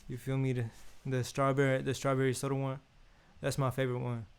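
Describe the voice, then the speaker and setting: A man's voice: mid-range voice, monotone, a little fast, clean tone. Laid-back Bay man, slangy. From Oakland, California. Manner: laid-back, slangy, keeps repeating "you feel me". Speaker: unboxing host. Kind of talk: casual unboxing chat.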